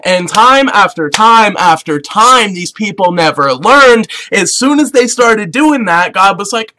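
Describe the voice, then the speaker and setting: Bright high-voiced young man telling a comic story. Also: a little slow, hardly any pauses, rough recording. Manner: slangy, animated, acts out quoted characters. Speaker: comedic storyteller. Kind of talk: casual comedic retelling.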